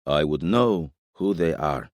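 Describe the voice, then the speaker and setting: A stern warrior king, as an audiobook narrator puts him on, giving orders with a low growl. His deep voice is measured and authoritative. The sound is dry and close. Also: expressive, dry recording, heavily acted. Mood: commanding. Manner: growling, commanding. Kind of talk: audiobook character voice.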